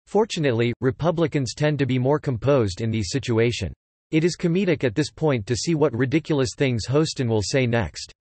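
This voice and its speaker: A man narrates a written news piece in a steady, even read. His voice sits at an ordinary middle pitch for a man. The sound is dry and close, with no room around it. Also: fairly quick, no echo.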